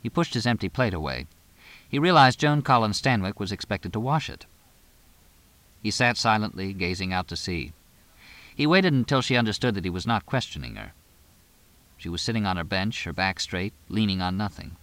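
A man reading a novel aloud as narrator, measured and even. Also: on the low side, no echo. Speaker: audiobook narrator. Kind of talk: scripted narration.

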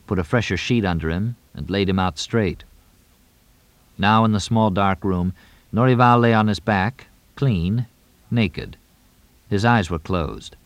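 A man narrating a novel audiobook in a measured, even way. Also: deep voice, no room sound. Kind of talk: scripted narration.

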